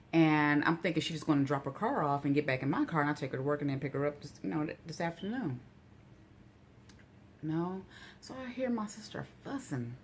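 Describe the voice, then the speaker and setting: Woman, low voice, casual vlog rant, rambling storytelling, incredulous asides. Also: a little hiss or hum. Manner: chatty and rambling, full of "you know" asides; gets animated and incredulous when outraged. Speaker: vlogger.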